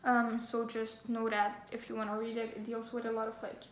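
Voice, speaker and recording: A woman's voice: on the high side, completely flat delivery, a little fast, a little hiss or hum. A young woman vlogging a book haul, gushing and giggly with lots of fillers, and reading back-cover blurbs aloud. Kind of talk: casual book haul chat with read-aloud synopses. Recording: echoey room, faint ambience.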